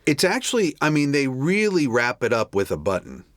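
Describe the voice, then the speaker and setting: A man's voice: medium pitch, big pitch swings, normal speed, fairly bright tone, no echo, studio quality. A man co-hosting a podcast, chatting casually about a movie in a rambling, self-interrupting, wry way. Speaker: podcast co-host.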